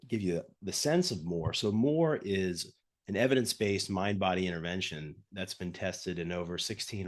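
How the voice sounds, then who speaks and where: Low-voiced male lecturer, husky cold-roughened voice, earnest, video-call audio. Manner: earnest, repeats words when starting sentences. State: hoarse from a cold. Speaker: guest lecturer. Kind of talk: academic lecture.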